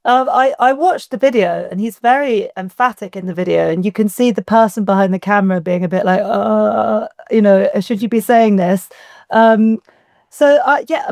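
A woman, a guest on a football chat, giving a wry, measured analysis. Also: mid-range voice, darkish tone, no room sound, studio quality. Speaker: podcast guest.

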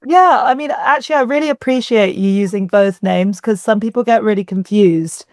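A woman joins a casual football chat as a guest, making wry, measured points. Her voice is mid-pitched for a woman and sounds close and dry. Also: a little mellow, no room sound. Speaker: podcast guest.

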